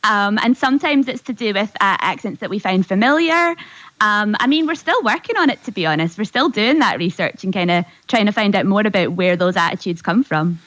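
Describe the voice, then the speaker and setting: A woman's voice: medium pitch, animated, a little fast, a bit bright, no room sound, poor audio. A woman researcher as a radio guest, thoughtful and a little hesitant.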